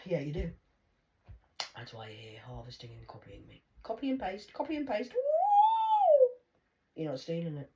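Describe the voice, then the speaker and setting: Punning, swearing woman, bright voice. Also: lowish voice, big pitch swings, moderate pace, long pauses, low-quality recording. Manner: swings between hushed whispers and loud outbursts, swearing, punning. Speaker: vlogger. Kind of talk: rambling stream-of-consciousness monologue.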